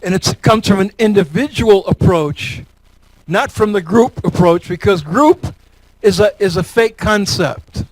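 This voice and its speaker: High-voiced joking man speaking dry. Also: measured pace, no room sound, low-quality recording. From Elmira, New York. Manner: folksy, joking, repeats words for emphasis. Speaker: guest speaker. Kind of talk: speech with audience questions.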